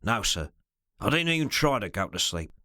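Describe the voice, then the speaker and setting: A man voicing a rough, loyal henchman who argues in coarse common speech, with a soft purr and a snarling undertone. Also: fairly low pitch, sing-song, moderate pace, dry recording, clean studio sound. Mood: insistent. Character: rough loyal male henchman, fretful and scrappy.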